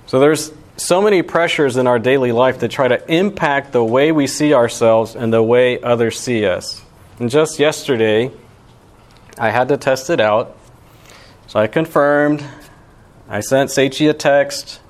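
A man's voice: mid-range voice, unhurried. A young man giving a sermon as pastor, talking in a casual, conversational way with lots of "you know" and "right". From Alabama.

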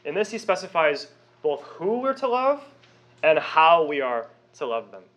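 Young male pastor preaching, higher voice with a lively, swooping delivery, conversational and emphatic. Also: measured pace. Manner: emphatic, rhetorical questions, conversational asides. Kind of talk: sermon.

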